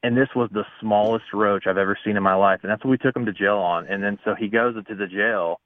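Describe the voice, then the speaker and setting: A man in his thirties, a police officer, chatting casually and quickly on a radio show. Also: fairly low pitch, steady tone, dry recording. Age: 30s. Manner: fast, easygoing, full of restarts. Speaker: police officer, call-in guest. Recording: tinny phone line.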